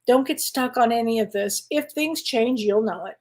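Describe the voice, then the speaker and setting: A woman's voice: fairly high pitch, moderate pace, darkish tone. A middle-aged woman hosting a live psychic Q&A, talking in a chatty, reassuring way with fillers, restarts and frequent laughs. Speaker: psychic host answering viewer questions. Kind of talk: live-stream Q&A chat.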